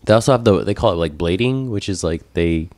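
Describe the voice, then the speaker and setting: Fast-talking animated man storyteller. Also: deep voice, no echo. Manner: animated storyteller, acts out both sides of conversations. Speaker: podcast co-host. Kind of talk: casual storytelling chat.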